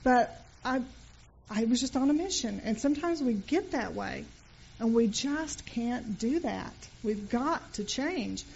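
A woman's voice: fairly high pitch, lively intonation, unhurried, gravelly, darkish tone, highs cut off, a little hiss or hum. A middle-aged woman preaching a sermon in church, telling stories in a conversational way and making earnest appeals to the congregation. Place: church sanctuary.

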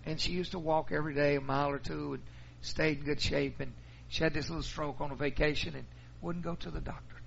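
Brief: middle-aged pastor, gravelly fry, slightly higher voice, muffled recording. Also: male voice, steady tone, a little fast, a little hiss or hum. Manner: folksy storytelling. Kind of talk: sermon.

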